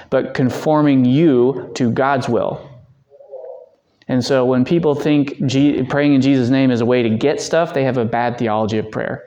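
A man teaching a church theology class, conversational and answering questions, acting out quotes in lively raised voices. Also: medium pitch, dull audio. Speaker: Bible teacher.

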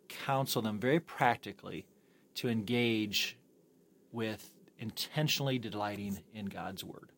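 A man's voice: fairly low pitch, unhurried, fairly bright tone. A man co-hosting a church podcast after a sermon, affirming his guest with enthusiasm and asking him questions. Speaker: podcast co-host. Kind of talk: post-sermon podcast discussion.

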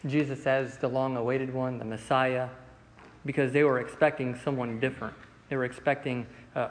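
A man leads a Bible lesson in an easy, chatty manner, stumbling into restarts and filler words. His voice sits at an ordinary pitch. It carries a long reverb from a large room, with faint ambient noise behind it. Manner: relaxed, conversational, with many fillers and restarts. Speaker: Bible study teacher.

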